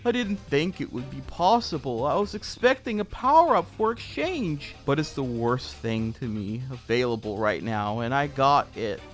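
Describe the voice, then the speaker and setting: A man voicing a furious, whiny man screaming complaints at a mobile game, in shrill sputtering bursts. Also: very animated, moderate pace, few pauses, soft background music, close to an everyday voice. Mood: sulky whining.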